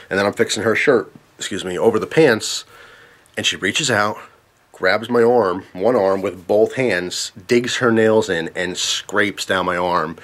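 A man's voice: on the low side, a bit bright. A man casually telling a story to camera, earnest and emphatic, repeating himself when tense.

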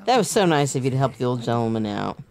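A woman co-hosting a gaming video with her son, making dry, gently teasing remarks. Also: very deep voice, big pitch swings, fast, vocal fry, slight background noise. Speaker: gaming channel co-host, the player's mother. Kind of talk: casual let's-play chat.

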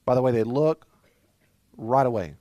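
A man's voice: mid-range voice, lively intonation, normal speed, dark tone, dry recording, muffled recording. A man from Mississippi with a Southern accent, preaching a sermon as pastor, emphatic and full of rhetorical questions.

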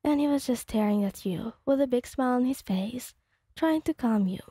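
A woman's voice: fairly high pitch, normal speed, warm tone, slightly rough, no echo, clean studio sound. A woman casually narrating a second-person fan story in a loose, rambling way.

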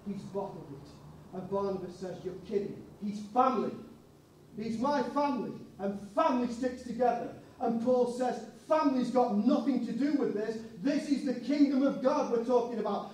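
Man preaching, high voice, acts out story characters, big echoing church hall heard from a distance. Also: normal speed, darkish tone. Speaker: pastor. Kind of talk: sermon. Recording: echoey church hall, mic far off.

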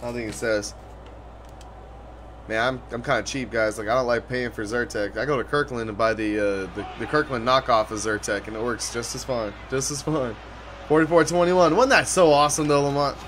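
An easygoing man talks through a game on his live stream, greeting viewers by name and chatting in a loose, rambling way. His voice sits at a middle pitch and now and then jumps up when a play excites him. A faint background noise runs under his voice. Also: a little fast. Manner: laid-back, chatty, shouting out viewers, sudden excited outbursts. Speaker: gaming streamer. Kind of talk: casual live-stream chat while playing.

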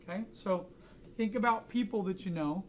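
Man, art instructor, fairly high voice, joking anecdotes, faint background hiss. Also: normal speed. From United States. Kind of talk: casual classroom demo. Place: classroom with students.

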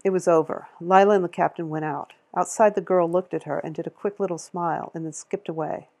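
Gravelly-voiced woman reading a novel. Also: lowish voice, fairly even intonation, brisk, a little mellow. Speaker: audiobook reader.

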